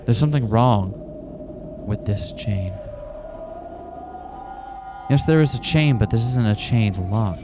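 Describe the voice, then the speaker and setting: Give me a man playing a frightened young man locked in a room, tense, with a gravelly edge. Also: fairly low pitch, animated, slow pace, pauses often. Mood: uneasy. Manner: tense, growing panicked. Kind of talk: reading a visual novel aloud. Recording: music playing behind.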